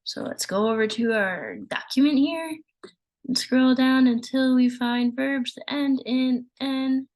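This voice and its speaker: Woman teacher for a screen-share lesson; unhurried, sounds words out, a touch high. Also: a little mellow, low-quality recording. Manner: patient, sounds out words slowly. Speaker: language teacher.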